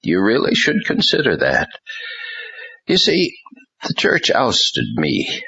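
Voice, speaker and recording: A blunt, world-weary older pastor, voiced by a man, talking slowly and with force. The voice is very low and bright-edged, slightly husky, on a dull, lo-fi recording. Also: huge pitch swings, full character voice. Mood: forceful. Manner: slow, faltering, forceful. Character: older ousted male pastor, blunt mentor.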